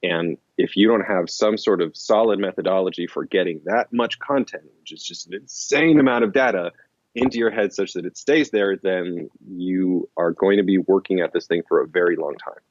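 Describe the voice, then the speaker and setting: A man with a very deep voice speaks as an interview guest, loose and rambling, restarting sentences and leaning on fillers. The recording is dry and close, with a slightly muffled, lo-fi tone. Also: moderate pace, no room sound. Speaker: interview guest, language-learning author. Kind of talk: casual conversational interview.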